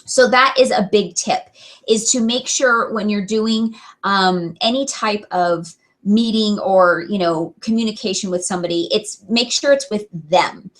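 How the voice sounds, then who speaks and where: A woman's voice: mid-range voice, a bit bright. A young adult woman giving an earnest, chatty motivational talk to her sales team, full of fillers and restarts. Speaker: direct sales team leader.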